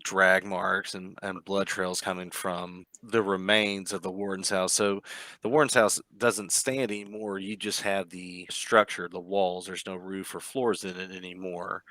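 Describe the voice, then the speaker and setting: A man with a low, bright voice narrates as game master, laying out scenes in an easygoing, descriptive manner. The sound is dry and close to the mic, as on an online call. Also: a little slow, dry recording. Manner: relaxed, descriptive, sometimes hesitant.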